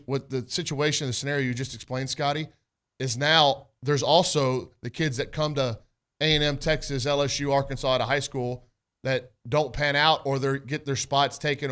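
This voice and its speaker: A man hosting a sports radio discussion at an ordinary mid pitch. He drives home his points emphatically and addresses listeners directly. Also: a bit bright. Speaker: radio host.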